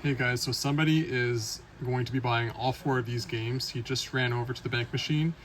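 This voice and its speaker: A man chatting casually in his retro game store vlog, upbeat and quick to laugh. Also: mid-range voice, fairly even intonation, a bit bright.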